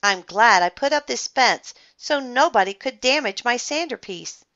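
A woman doing a mellow surfer dude, raised and breezy. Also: on the high side, lively intonation, normal speed, muffled recording, pitched above the performer's own voice. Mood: grateful, pleased. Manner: easygoing, says dude. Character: laid-back male surfer dude.

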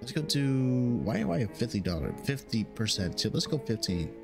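A man's voice: mid-range voice, big pitch swings, normal speed, vocal fry, over music. A young man casually commenting on a horror game he plays, chatty and jokey, reading game lines aloud. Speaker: gaming YouTuber. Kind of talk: casual let's-play commentary.

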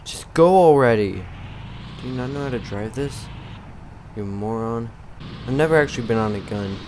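A man giving casual, rambling commentary while playing a game, poking fun at himself and getting excitable. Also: mid-range voice, fairly quick. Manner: rambling, self-mocking, excitable. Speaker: gamer. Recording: noticeable background noise.

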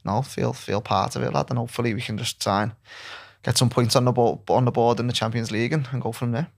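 A Scouse man chats as a guest on a podcast, quick and laid-back. His voice has a gravelly edge, and "lad" keeps slipping into his speech. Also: mid-range voice, steady tone. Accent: Liverpool Scouse. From Liverpool, England. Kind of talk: casual podcast chat.

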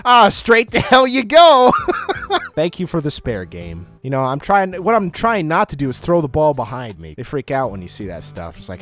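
Animated, joking man commenting on gameplay. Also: fairly high pitch, measured pace, soft background music. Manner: joking and self-mocking, laughs often, sudden excited outbursts. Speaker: gaming YouTuber. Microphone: close microphone.

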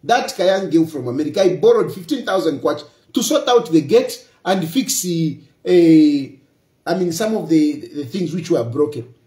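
A man's voice: a little high, expressive, normal speed, dark tone, roomy sound. A Zambian man speaking in a passionate political monologue, emphatic and repetitive, switching between English and local phrases. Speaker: opposition politician.

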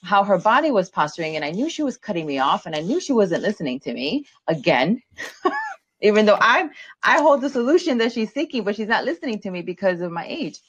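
A woman teaching a business webinar as a guest strategist, lively, laughing often and repeating words as she talks over a video call. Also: mid-range voice, brisk, breathy edge, no echo, rough recording.

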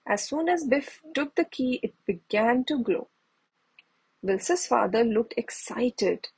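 A woman reading a children's bedtime story aloud in a gentle storytelling manner. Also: a little high, lively intonation, slow, breathy edge, poor audio. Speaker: storybook reader.

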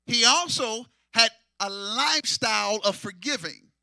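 A man a sermon as pastor, shouting and half-singing in rising waves and repeating phrases to draw responses. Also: high voice, unhurried, gravelly, no room sound, studio quality. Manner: shouting, sing-song preaching with repetitions.

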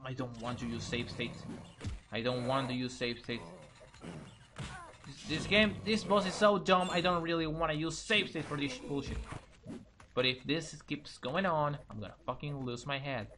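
A man's voice: a little high, steady tone, normal speed, noisy background. A young man commentating a let's play, frustrated, swearing, muttering and repeating himself at a hard boss. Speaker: gaming channel host.

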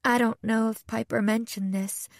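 A woman's voice: a little high, steady tone, normal speed, vocal fry, dry recording, clean studio sound. A woman voicing a tired, anxious young bride who speaks hesitantly. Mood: weary.

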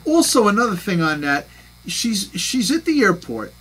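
A man co-hosting a comedy podcast, with a high, bright and raspy voice. He talks animatedly and picks apart every detail. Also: sing-song, moderate pace, low-quality recording. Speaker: podcast co-host. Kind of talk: casual comedic chat.

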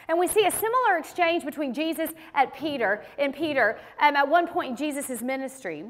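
A woman delivers a sermon in a casual, storytelling way, acting out quoted voices as she goes. Her voice sits high, and long reverb from a big church hall trails after her words. It sounds like a women's ministry teaching. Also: expressive, fairly quick, few pauses, a bit bright. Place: church sanctuary.

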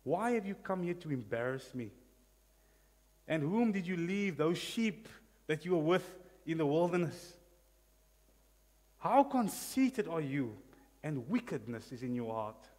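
A scornful, angry older brother, as a preacher puts him on, scolding hard. The voice sits fairly high for a man and carries a long church-hall reverb. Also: big pitch swings, unhurried, pauses often, a little mellow.

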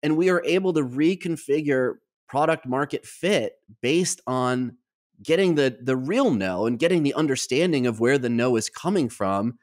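Male podcast co-host, mid-range voice, animated storyteller who voices the people in his stories. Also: medium pitch, normal speed. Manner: animated anecdotal storyteller, acts out quoted dialogue.

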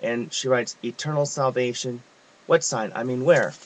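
Man, devotional reading aloud, reverent, measured, pauses, mid-pitched voice. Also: slight background noise, low-quality recording. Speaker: reader of devotional messages.

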